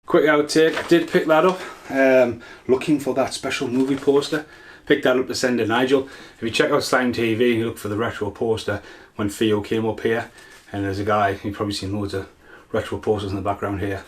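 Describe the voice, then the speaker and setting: A man chats loosely through outtakes for his own vlog at home, rambling and excitable as he tells a story. His voice sits fairly low, and a faint hum of room noise runs underneath. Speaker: vlogger. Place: home, partly in the attic.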